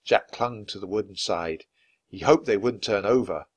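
A man reading a children's chapter book aloud clearly and expressively for language learners. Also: on the low side, moderate pace, no echo. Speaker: storybook reader.

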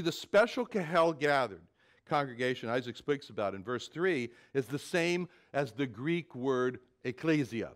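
A man preaching a Bible sermon with a fairly high voice. He turns animated and dramatic when he quotes scripture. He often repeats words as he gathers his thoughts. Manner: repeats words while thinking. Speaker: pastor.

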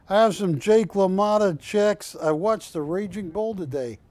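Pushing deals with chatty jokes, this older shopping-channel host sounds like a pushy salesman in a live TV pitch. His voice sits high with a darkish tone, moving a little slowly with hardly any pauses. A lapel mic in the TV studio captures it with no echo.

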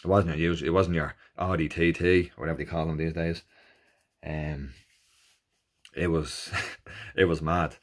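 A man with an Irish accent casually recounting his first endurance race, animated and jokey, acting out the people he met. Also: a bass voice, unhurried, pauses often. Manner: animated, jokey, acts out quoted exchanges in raised voices. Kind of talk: casual storytelling.

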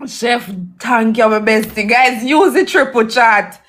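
A woman's voice: a little high, measured pace, fairly bright tone. A woman chatting casually on a livestream, teasing and laughing with her co-host.

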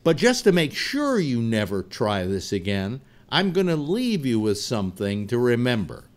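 A furious male bear in a told joke, laying down stern warnings, voiced by a man telling the story. The voice swings widely in pitch and climbs sharply at the punchlines. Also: sing-song, moderate pace, lightly acted.

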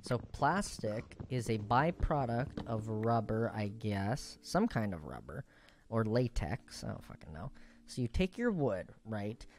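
A man's voice: on the low side, sing-song, unhurried, a little mellow. A man chatting casually while playing a game, rambling and swearing through unsure explanations. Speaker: streamer. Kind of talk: casual chat while gaming.

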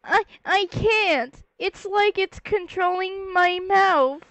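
A woman voicing a scared young colt who stammers and pleads in a high, tearful voice in an amateur fan audio drama. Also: slow pace, fairly bright tone, no room sound, exaggerated voice. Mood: shaken.

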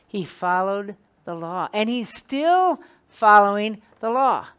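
Animated woman teaching a Bible class. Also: mid-range voice, slow, clean tone. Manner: animated, conversational, asks the class questions. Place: meeting room with a small class.

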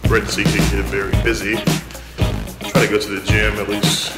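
A man's voice: lowish voice, flat delivery, moderate pace, over loud music. A man in his thirties, a resident surgeon, narrating his day in a casual vlog and explaining medical terms plainly as he goes.

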